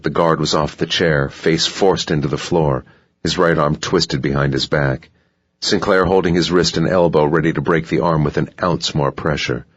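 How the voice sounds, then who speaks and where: A man narrating a thriller audiobook in a steady, even way. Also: very deep voice, moderate pace, husky, no room sound, muffled recording. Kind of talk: scripted narration.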